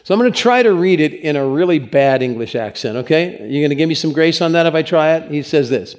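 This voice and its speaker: A man's voice: fairly high pitch, animated, fast. Earnest storytelling pastor, man. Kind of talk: sermon.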